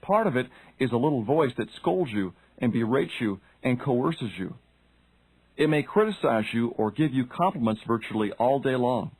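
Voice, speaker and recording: A man's voice: medium pitch, expressive, moderate pace, a little mellow, slightly rough, no room sound, low-quality recording. Man narrating a self-help audiobook. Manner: direct, addresses the listener with questions.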